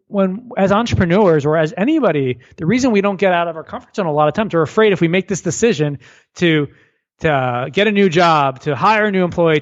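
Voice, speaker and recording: Brief: lively entrepreneur guest, higher-pitched man, quick restarts, muffled remote recording. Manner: energetic, repeats words when starting sentences. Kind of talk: conversational interview.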